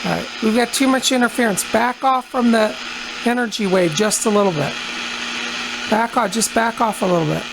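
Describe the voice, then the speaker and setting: A woman's voice: a little high, moderate pace, creaky. A woman psychic medium conducting a radio seance, coaxing and questioning unseen presences with repeated, patient prompts. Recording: noisy with electrical mains hum.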